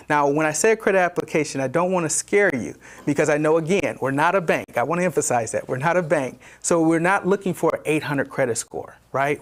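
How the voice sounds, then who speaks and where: A man from a disaster loan agency giving an informational briefing, explaining points with frequent fillers and restarts and repeating what he wants to emphasize. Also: on the high side.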